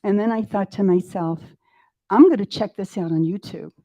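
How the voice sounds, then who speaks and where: A woman in her eighties, a guest in a live interview, telling a personal story in an animated way and acting out her own thoughts. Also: medium pitch, normal speed. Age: 80s.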